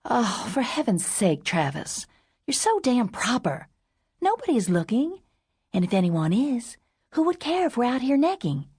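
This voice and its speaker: A bold, impatient young woman who teases her sweetheart and scoffs at convention, as a woman reader puts her on. The voice sits low and sounds close and dry. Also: normal speed, gravelly, slightly rough, no echo, exaggerated voice. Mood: teasing. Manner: teasing, impatient, lively.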